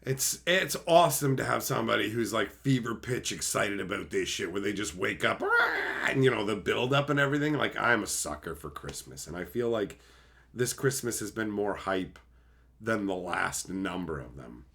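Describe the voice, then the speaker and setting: A man hosting a casual livestream, chatting with viewers in a profane, animated way and slipping into quick silly impressions. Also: on the low side, gravelly. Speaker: livestream host. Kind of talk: casual livestream chat, reading viewer messages.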